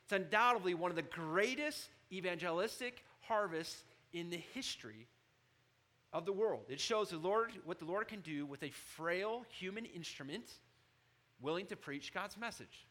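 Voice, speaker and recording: A man preaching a sermon, moving from low, quiet asides to loud, shouted emphasis. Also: expressive, normal speed. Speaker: pastor.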